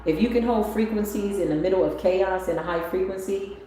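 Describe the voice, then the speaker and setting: A woman giving a motivational spiritual talk on a livestream, animated and swinging up into excited exclamations. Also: mid-range voice, brisk. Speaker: spiritual tarot reader. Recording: very echoey room with faint ambient noise.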